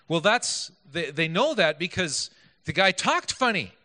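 A man's voice: sits high, animated, normal speed, bright, forceful tone. A man preaching a sermon in a conversational way, asking his listeners questions and adding self-deprecating asides. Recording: echoey hall.

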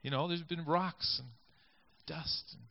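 Man, preacher, conversational sermon, fairly high voice, muffled lo-fi recording. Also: steady tone, unhurried, vocal fry, no echo. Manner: conversational, invites listeners to picture scenes. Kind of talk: sermon with scripture reading. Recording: dull lo-fi recording.

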